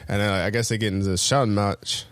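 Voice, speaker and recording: A man's voice: fast, smooth, no echo. A man co-hosting a podcast, telling a story in a casual, profane way, full of fillers and restarts, now and then mimicking others. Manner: animated storyteller, acts out quotes with loud high bursts. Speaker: podcast co-host.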